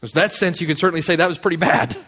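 A man's voice: fairly high pitch, fairly even intonation, very fast, fairly bright tone. A man preaching a sermon as pastor, speaking with impassioned, building emphasis.

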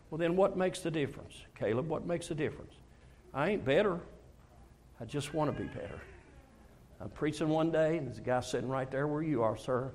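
A man's voice: on the high side, fairly quick, darkish tone. An older man preaching a folksy, conversational sermon, telling personal stories and acting out talks with God. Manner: storytelling, acts out dialogues with God, emotional confessions.

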